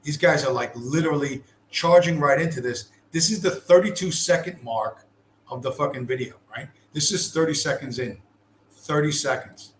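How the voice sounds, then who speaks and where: Over a screen-shared video, a male commentator talks at a moderate pace in a slightly high voice, with a little background noise. His profane remarks are blunt, sarcastic and full of swearing, recorded in an echoey space with faint ambient sound.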